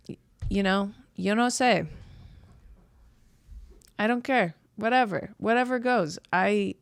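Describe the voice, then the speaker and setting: A woman's voice: mid-range voice, a bit bright, no room sound. A woman in her thirties hosting a podcast, telling a rambling, self-deprecating comedic story full of "like" and restarts. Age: 30s. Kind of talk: casual comedic monologue.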